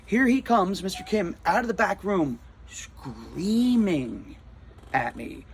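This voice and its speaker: A man's voice: sits high, very animated, normal speed, slight background noise. A man with a New Jersey accent, a comic shop owner, telling a rattled, rambling story in a casual vlog, full of restarts and repeated words.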